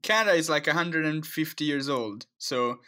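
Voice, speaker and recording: Man, podcast co-host, high voice, bright tone, casual chat, curious, asks lots of questions. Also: animated, normal speed, clean tone.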